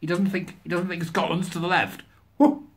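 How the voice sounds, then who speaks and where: A man's voice: high-pitched, little pitch movement, normal speed. A man reading news articles aloud and mocking them with sarcastic, scornful asides, often laughing at his own jokes. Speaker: commentator.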